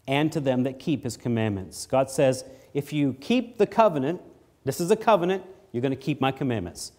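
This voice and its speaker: Expressive male preacher. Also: normal speed. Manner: expressive preaching, rises loud on scripture readings, drops low on asides. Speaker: pastor. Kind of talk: sermon.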